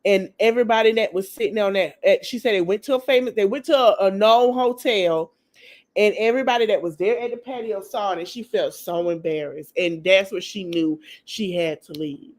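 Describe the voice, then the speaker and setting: A woman's voice: mid-range voice, brisk, a little mellow. A woman hosting a podcast, casually recapping a TV episode in a chatty, slangy, gossipy way and talking straight to her listeners. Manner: acts out the people she quotes. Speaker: podcast host.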